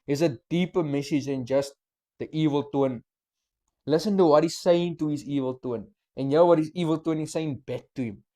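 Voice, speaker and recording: Young male reaction host, slangy, excitable, slightly high voice. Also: normal speed. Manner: excited, explains lyrics, mixes slang and swearing. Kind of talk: casual reaction commentary.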